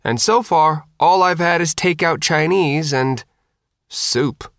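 Guy putting on a snarky tough teen girl, voice pushed up higher, weak and cranky. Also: takes it slowly, creaky, a bit bright, no echo, exaggerated voice. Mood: sardonic. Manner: dry, sarcastic griping. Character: tough sardonic teenage girl, weak from illness.

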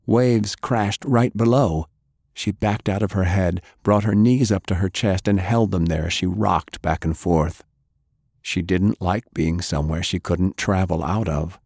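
A man narrating a fantasy audiobook in a measured, even storytelling voice. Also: low voice, vocal fry, no room sound, studio quality.

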